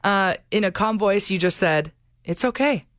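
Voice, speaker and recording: A woman's voice: mid-range voice, moderate pace, a bit bright, no room sound, studio quality. A young adult woman co-hosting a radio show, chatting casually and effusively, laughing often. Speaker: radio co-host.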